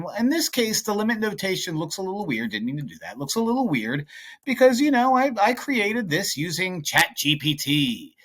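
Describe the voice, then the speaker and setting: A man's voice: fairly high pitch, a bit bright. A man teaching math in a casual, chatty, playful way, talking through practice problems at a whiteboard.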